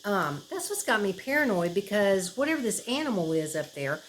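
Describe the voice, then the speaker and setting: A woman's voice: mid-range voice, big pitch swings, a little fast, slight background noise, rough recording. A woman chatting casually to her camera at home, rambling with fillers and laughs. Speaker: vlogger. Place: her house, indoors.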